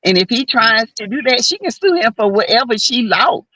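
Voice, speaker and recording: A woman's voice: on the high side, very animated, normal speed, pushed and bright, no echo, low-quality recording. A woman panelist on an online talk show, giving blunt, emphatic opinions in casual chat.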